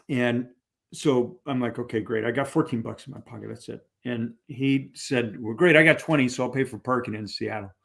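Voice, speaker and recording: Middle-aged male guest, chatty storyteller, animated, mid-pitched. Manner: animated, many fillers and restarts. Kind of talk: conversational storytelling.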